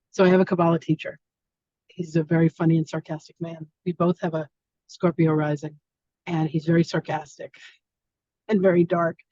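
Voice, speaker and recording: Female spiritual teacher, live-stream host, mellow tone, dry lo-fi audio. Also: deep voice, flat delivery, moderate pace, long pauses, no echo. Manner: effusive, affectionate, spiritual. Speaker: spiritual teacher hosting an online masterclass. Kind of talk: casual live-stream chat.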